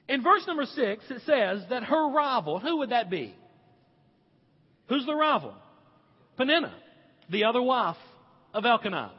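A man preaches with a very high, husky voice that rises and falls in lively swings. He stretches out key words for emphasis. The sound is dull and carries a long reverb from a large hall. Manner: animated, emphatic, slows for stress. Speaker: pastor. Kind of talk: sermon.

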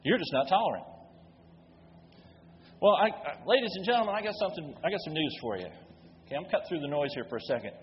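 Impassioned pastor preaching in a hall. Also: male voice, on the high side, expressive, quick pace, long pauses, a little hiss or hum. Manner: impassioned, emphatic rhetorical questions. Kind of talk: sermon. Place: church sanctuary. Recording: dull recording with long hall reverb.

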